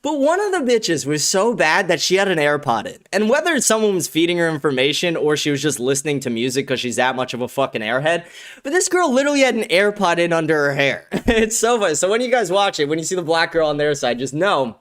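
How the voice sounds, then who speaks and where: A man's voice: on the high side, sing-song, quick pace, fairly bright tone. A man hosting a casual livestream commentary show from a studio, crude and profane, laughing often. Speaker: host.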